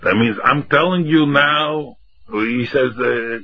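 A man teaching a Talmud class, acting out both sides of the argument in an animated singsong. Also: medium pitch, slow. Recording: dull lo-fi recording.

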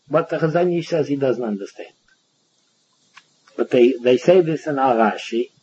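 A man giving a Talmud lecture, animated, acting out both sides of the case. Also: fairly high pitch, breathy edge. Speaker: Talmud teacher. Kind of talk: Talmud lecture in Yeshivish English. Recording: dull lo-fi recording.

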